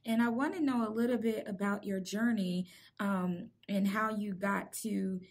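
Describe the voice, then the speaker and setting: A woman's voice: mid-range voice, steady tone, normal speed. A woman from the Midwest with a Midwestern accent, hosting a casual interview with lots of laughter. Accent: Midwestern American. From American Midwest. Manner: warm, giggly, enthusiastic. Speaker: podcast host.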